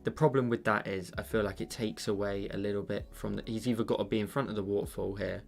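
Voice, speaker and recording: Casting note: man, low gravelly voice, rambling streamer thanking chat over soft music. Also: steady tone, quick pace. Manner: rambling, thinks aloud, many fillers and restarts. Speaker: digital painting livestreamer. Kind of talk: casual livestream chat while painting.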